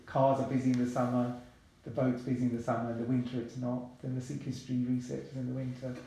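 A man, talking casually as a podcast guest in a relaxed, chatty way with many asides. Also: mid-range voice, quick pace, vocal fry. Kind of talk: casual interview talk. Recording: very echoey room.

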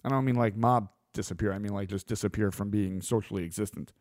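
A man delivering a blunt, opinionated monologue as a host, swearing freely and getting animated. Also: fairly low pitch, fast, no room sound, clean studio sound.

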